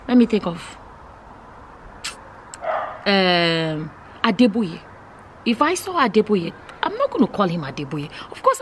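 A woman from Nigeria talking straight to camera in a casual vlog, emphatic and incredulous, often pausing with fillers. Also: on the high side, fairly bright tone, slight background noise, poor audio. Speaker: vlogger.

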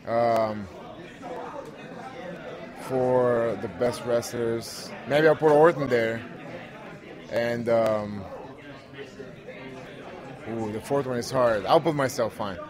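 A man's voice: mid-range voice, slow pace, long pauses. Blunt man, crowd behind. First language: Bulgarian. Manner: blunt, confident short answers. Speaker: interview guest, pro wrestler. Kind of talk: casual interview.

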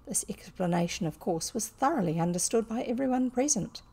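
Husky, gravelly woman reading a storybook. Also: a little high, expressive, fairly quick, darkish tone. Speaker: audiobook reader.

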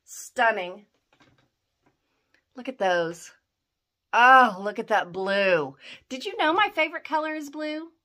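A woman's voice: on the high side, lively intonation, slow, long pauses, bright, forceful tone. A middle-aged woman opening fan mail, gushing and exclaiming over each gift. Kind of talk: excited unboxing chat.

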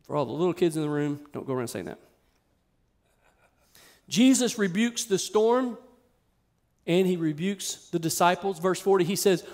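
A man delivers a church sermon in a bright, high-pitched voice. He talks to his congregation in a loose, conversational way, then leans hard into his points with emphatic force. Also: animated, normal speed, pauses often. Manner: conversational, emphatic preaching that swells in intensity. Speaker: pastor. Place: church sanctuary with a live congregation.

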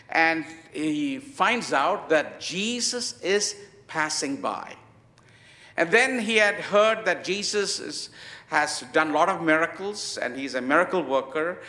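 A man preaching a sermon in an emphatic way, with many pauses and fillers. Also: a little high, pushed and bright, reverberant. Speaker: pastor.

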